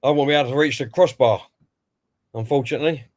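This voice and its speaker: A man's voice: medium pitch, fast talker. A man co-hosting a football watch-along stream, giving live commentary and reading out viewer comments before giving his own view. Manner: chatty, reads out chat messages and then gives his view.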